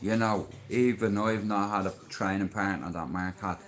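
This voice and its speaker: A man's voice: on the low side, fairly even intonation, moderate pace, roomy sound, a little hiss or hum. An Irish man hosting a casual livestream, talking in a boastful, rambling way with plenty of swearing. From Ireland. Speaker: livestream host.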